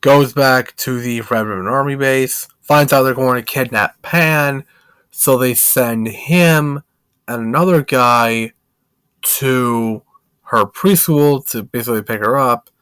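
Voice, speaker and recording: A man's voice: mid-range voice, slow pace, fairly bright tone, clear, resonant tone, dry recording. A man reviewing a film in a casual, rambling plot recap, heavy with filler words.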